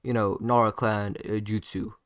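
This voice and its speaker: A man voicing a hot-headed teenage boy who yells indignantly at his rival. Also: lowish voice, little pitch movement, normal speed, clear, resonant tone, no room sound, studio quality, close to an everyday voice. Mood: angry yelling. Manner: yelling, indignant.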